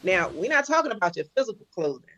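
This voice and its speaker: A woman's voice: mid-range voice, sing-song, quick pace, a bit bright, no room sound, dull audio. A woman hosting an online event in a chatty, playful way, full of "like" and restarts, over a video call. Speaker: event host.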